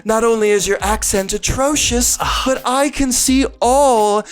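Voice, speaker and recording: A man's voice: very high voice, clean tone, faint music behind, voice pushed up. A man putting on a campy, theatrical Scarlet Witch voice, a sorceress in a tiara, grand and drawn out. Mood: haughty. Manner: grand, mock-mystical, drawn-out. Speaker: host.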